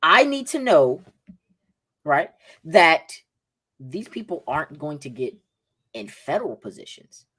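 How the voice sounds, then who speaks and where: A man's voice: fairly high pitch, sing-song, a little slow, long pauses, pushed and bright, breathy edge. A man with a Southern accent hosting a political livestream podcast, combative and repeating "right?" again and again. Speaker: podcast host.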